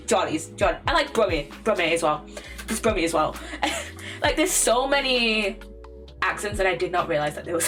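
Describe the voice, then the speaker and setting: A young English woman chats loosely on her live stream, looping back on herself with fillers and repeated phrases. She laughs often and swears casually. Soft lo-fi music plays faintly behind her. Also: medium pitch. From England.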